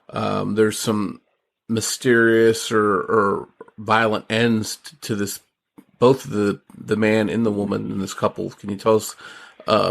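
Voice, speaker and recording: Gravelly-voiced male podcast host. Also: fairly low pitch. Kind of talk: interview questions.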